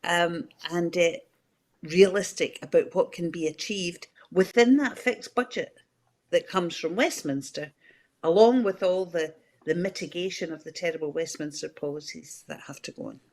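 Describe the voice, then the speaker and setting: A woman's voice: lowish voice, normal speed, darkish tone. Candid Scottish woman commentator. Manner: candid, conversational, many fillers and restarts. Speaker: political commentator. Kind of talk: live news discussion.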